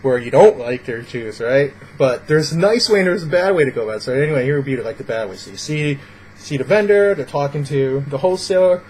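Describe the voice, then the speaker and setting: A man's voice: medium pitch, expressive, fairly quick, a little mellow, slight background noise, rough recording. A man giving casual, rambling advice in a vlog, acting out little example scenes. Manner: rambling, filler-heavy, acts out little scenes. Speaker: vlogger.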